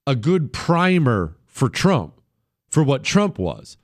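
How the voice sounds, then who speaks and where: Talk radio guy ranting about politics, casual and blunt, big jumps up then drops low, dead dry booth. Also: big pitch swings, slow pace, dry recording. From United States. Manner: blunt, conversational, swinging between punchy highs and low asides. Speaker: radio talk show host.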